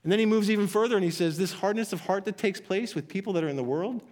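A man's voice: high voice, quick pace, a little mellow. A man preaching a sermon from scripture, earnest and emphatic, often repeating phrases. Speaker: pastor.

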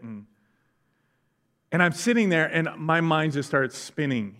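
A man delivers a church sermon in a loose, conversational way. He leans on personal anecdotes and pokes fun at himself as he goes. His speaking voice sits fairly high for a man. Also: unhurried, long pauses. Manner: conversational, self-deprecating humor, animated storytelling. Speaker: pastor.

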